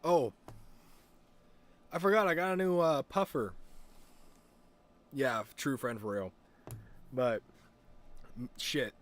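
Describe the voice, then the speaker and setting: A man's voice: medium pitch, takes it slowly, pauses often. A young man streaming and chatting casually, rambling with lots of fillers, restarts and swearing. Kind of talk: casual chat.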